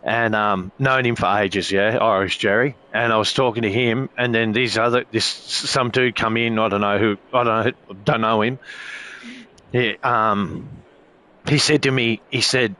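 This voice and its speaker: A man's voice: fairly low pitch, steady tone, measured pace, sharp tone. A man chatting casually as a sim racing streamer, rambling with heavy swearing and frequent filler phrases. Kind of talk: casual chat.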